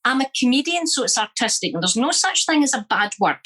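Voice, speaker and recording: A woman's voice: high-pitched, big pitch swings, quick pace, hardly any pauses, a bit bright, rough recording. A middle-aged Scottish woman comedian telling stories bluntly and swearing freely in a casual interview. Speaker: comedian, guest.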